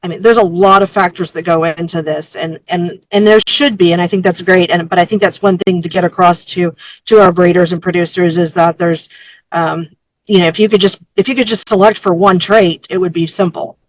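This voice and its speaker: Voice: mid-range voice, steady tone, brisk, no echo, poor audio. A host from a breeders' association, talking on a video call in a conversational way with frequent restarts. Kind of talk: interview wrap-up and commentary.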